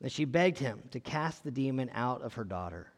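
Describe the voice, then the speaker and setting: A man's voice: mid-range voice, animated, normal speed, big-room sound. A man preaching a conversational sermon, reading scripture and asking his listeners questions in a casual way. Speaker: pastor.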